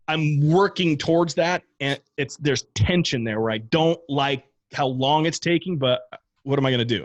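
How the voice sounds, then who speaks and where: A man in the middle of a relaxed podcast chat, speaking candidly and rambling through restarts. His voice sits at an ordinary pitch, and the recording is close and dry, with no room sound. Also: no echo, highs cut off. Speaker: podcast guest, stand-up comic. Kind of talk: casual conversation.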